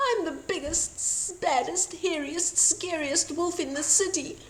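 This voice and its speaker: A woman's voice: very high-pitched, unhurried, voice pushed up. A woman voicing a young, boastful male wolf in a storybook reading, with sing-song boasts and howls. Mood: desperate. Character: young boastful male wolf, soft about his teddy. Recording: roomy echo.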